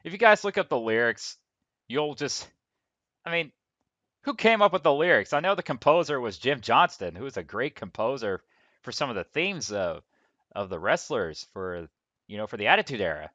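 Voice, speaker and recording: A man giving casual, rambling commentary on his own gameplay, chatting to viewers on a quiet, low-level microphone. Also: normal speed, no echo, highs cut off. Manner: relaxed, rambling talk to viewers. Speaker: let's play gamer. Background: video game music.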